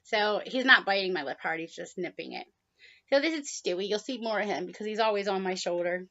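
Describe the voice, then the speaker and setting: A woman's voice: animated, fairly quick. Woman vlogger, middle-aged, casual storytelling with fillers, slightly dull home-video audio. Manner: chatty, with frequent "um"s and soft laughs; high baby-talk voice when coaxing the bird. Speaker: vlogger, pet bird owner.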